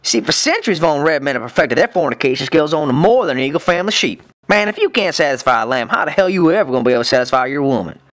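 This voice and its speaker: A man's voice: fairly high pitch, very animated, fast, hardly any pauses, a bit bright. A man voicing a crude, lecherous male cartoon villain, telling folksy stories with gusto. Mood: leering reminiscence. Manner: folksy, crude, exuberant storyteller. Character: lecherous rowdy male villain, Southern drawl. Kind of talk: cartoon comedy voice acting.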